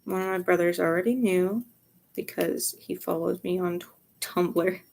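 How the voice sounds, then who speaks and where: A woman's voice: lowish voice, steady tone, moderate pace, gravelly, darkish tone, slight background noise. A young adult woman talking frankly to camera in a rambling personal vlog. She sounds tired, swears freely, and often sinks into a near whisper. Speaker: vlogger. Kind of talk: candid personal vlog monologue.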